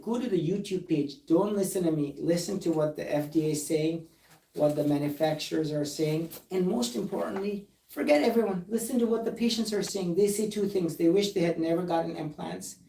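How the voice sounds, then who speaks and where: A man's voice: fairly high pitch, steady tone, normal speed, creaky, mellow, reverberant, distant mic, rough recording. A man who is a plastic surgeon, speaking earnestly and emphatically and reading documents aloud during a recorded live discussion.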